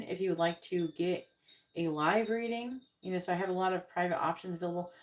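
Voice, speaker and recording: A woman's voice: medium pitch, darkish tone. A tired woman hosting a tarot live stream, chatting casually and rambling, with many ums and self-corrections.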